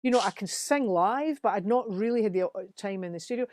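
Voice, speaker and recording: A woman's voice: medium pitch, a little fast, no room sound. A middle-aged Scottish woman, a musician guest, telling studio stories in casual chat and acting out the quotes. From Scotland. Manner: animated storytelling, acts out quotes.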